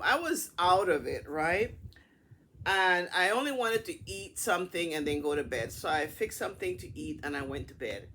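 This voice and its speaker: A middle-aged woman casually telling a personal story to her camera in a chatty, animated way. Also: on the low side, a little hiss or hum. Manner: chatty, animated retelling with acted-out dialogue. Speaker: vlogger.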